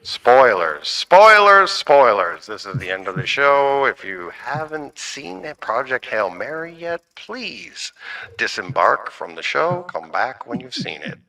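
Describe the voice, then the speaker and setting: A man voicing a grand male movie theater announcer, in a slow, booming, sing-song way. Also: gravelly, pushed and bright, distant mic, exaggerated voice.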